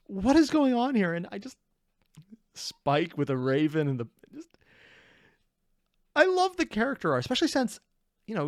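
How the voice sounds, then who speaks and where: A person reacting to an animated episode in casual commentary, full of laughs and stop-start thoughts. Their pitch leaps around a lot from moment to moment, and the sound is close and dry with no room echo. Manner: excitable, laughing, self-interrupting. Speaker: reaction video host.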